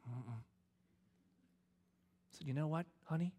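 A man's voice: high voice, brisk. A man in his thirties preaching a sermon, telling a personal family story and acting out the voices in it. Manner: animated, acts out voices in his stories. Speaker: pastor.

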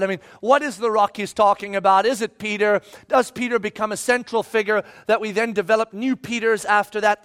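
A man preaching a sermon in an animated way, acting out voices and shouting at times for emphasis. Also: sits high.

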